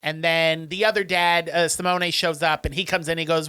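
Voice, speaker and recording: A man co-hosting a casual podcast who walks through a film's plot scene by scene. He slips into the characters and pitches his voice up for their lines. His tone is bright and very clean, recorded close and dry. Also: normal speed, smooth, no room sound. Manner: animated retelling, acts out characters in raised voices. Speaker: podcast co-host. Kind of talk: casual chat recapping a film.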